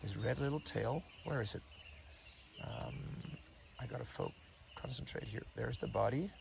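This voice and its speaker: A man giving unscripted, hushed commentary as he films wildlife outdoors on a morning walk, talking to himself with restarts. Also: mid-range voice, moderate pace, gravelly. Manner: hushed, wondering, thinking aloud with restarts. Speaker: breathing coach filming wildlife. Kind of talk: unscripted nature commentary while filming. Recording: outdoor insect and bird noise. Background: insects and birds.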